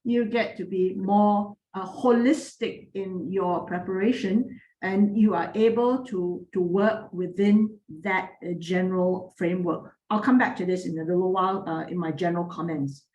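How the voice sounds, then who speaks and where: A woman giving spoken feedback as a moot court judge, her voice clear and made to carry. She talks frankly but kindly, with fillers and restarts. The sound is echoey, as in a bare room. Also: mid-range voice, steady tone, moderate pace, darkish tone, highs cut off, a little hiss or hum. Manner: clear, projecting voice.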